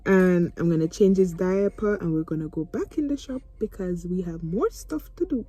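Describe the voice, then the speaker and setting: A woman's voice: lowish voice, lively intonation, normal speed, dark tone. A young Jamaican woman telling a storytime vlog from her parked car, chatty and emotional, slipping into patois. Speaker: mother vlogging.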